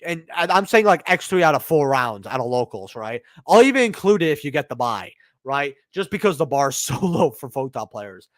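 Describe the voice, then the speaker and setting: Rambling along on his live stream, a young host tells slangy stories peppered with swearing and "bro," barely pausing. He sounds a little high and sing-song and talks briskly. The audio is studio quality, with no echo.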